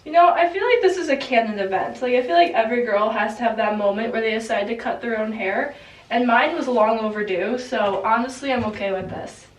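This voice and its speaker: Recorded from a distance, a crochet vlogger with a stuffy cold narrates her project in casual, rambling chatter, often poking fun at herself. She is a young woman whose voice runs on the high side and a little fast.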